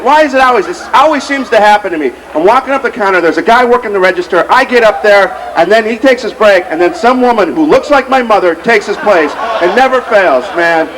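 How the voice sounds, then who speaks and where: A man in his thirties doing a rambling, self-mocking stand-up set and emceeing from an outdoor stage. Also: high voice. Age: 30s. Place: outdoor street fair stage. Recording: noisy outdoor crowd recording. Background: crowd noise.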